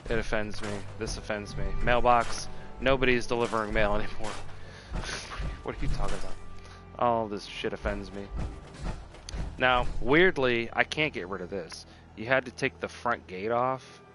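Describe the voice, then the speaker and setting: A man's voice: on the low side, moderate pace, music in the background. A man streaming a video game, chatting casually in a rambling, profane way and often cutting himself off, a little tipsy from drinking. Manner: rambling, profane, self-interrupting. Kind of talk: casual gameplay commentary.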